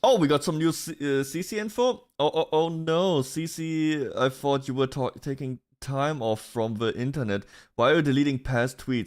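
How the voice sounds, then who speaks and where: A man's voice: medium pitch, moderate pace, few pauses. A man streaming, chatting casually about online drama in a rambling way, with restarts and bursts of laughter.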